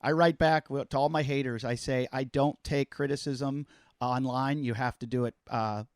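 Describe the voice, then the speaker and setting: A man hosting a podcast, telling stories in a loud, joking, profane way during a casual interview. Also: mid-range voice, normal speed, no room sound, studio quality. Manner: animated, profane, jokey storytelling. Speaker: podcast host.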